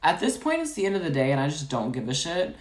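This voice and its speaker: A woman telling a customer-service story in a chatty, rapid, animated way, full of filler words. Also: low voice. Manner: chatty, full of "like" and "you know". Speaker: storytime vlogger. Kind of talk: casual storytelling. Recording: echoey room.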